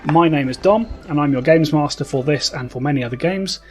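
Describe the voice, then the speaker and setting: A man's voice: fairly high pitch, a little fast. British guy running the game, chatty, trips over his words a lot, bit of music in the back. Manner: stammering, repeats words while thinking. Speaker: game master. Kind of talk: casual chat before a tabletop game.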